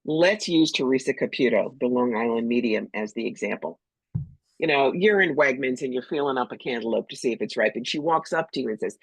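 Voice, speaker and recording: Blunt, husky older woman telling stories. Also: extremely low pitch, fairly quick, no room sound, low-quality recording. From New York. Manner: blunt, animated, acts out voices. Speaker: psychic medium, guest. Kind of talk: storytelling interview talk.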